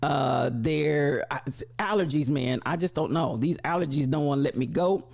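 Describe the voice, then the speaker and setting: A man hosting a live stream with a gravelly voice from allergies, greeting viewers in an animated, repetitive, preacher-like cadence. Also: a little high, normal speed. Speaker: livestream host.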